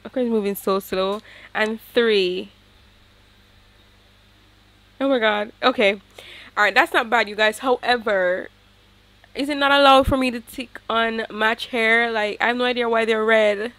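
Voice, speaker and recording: A woman giving chatty, excitable commentary to her viewers as she plays a life-sim game, a gaming YouTuber talking casually to her audience. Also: on the high side, a little slow, long pauses, dry recording.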